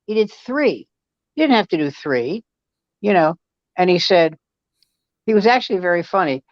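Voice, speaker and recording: A man's voice: high-pitched, lively intonation, normal speed, dry recording, lo-fi sound. An older male comedian hosting a casual chat, telling anecdotes and acting out the dialogue. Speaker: host, comedian.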